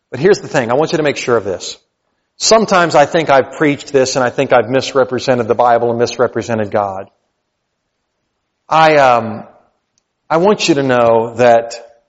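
Preaching man in a reverberant hall. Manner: preaching with big swings in pitch and loudness, rising to near shouts then dropping low. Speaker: pastor. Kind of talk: sermon. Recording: dull sound with long hall reverb.

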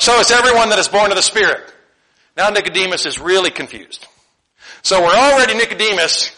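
A man's voice: high voice, pushed and bright. A male preacher delivering a conversational sermon, asking the congregation questions and laughing often.

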